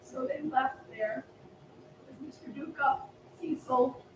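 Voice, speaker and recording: A woman telling a story at a temple family service, animated and acting out the voices. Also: high voice, takes it slowly, noisy background. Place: temple hall. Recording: echoey hall from far off.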